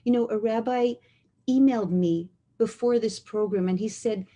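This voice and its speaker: A middle-aged woman giving an inspirational talk on relationships, earnest and emphatic, slowing down to repeat key phrases. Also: fairly high pitch, warm tone. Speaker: speaker on relationships.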